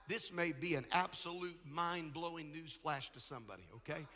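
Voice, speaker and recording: A middle-aged man preaching a sermon as pastor, emphatic, with rhetorical questions and quieter asides. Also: fairly high pitch, animated, measured pace, big-room sound.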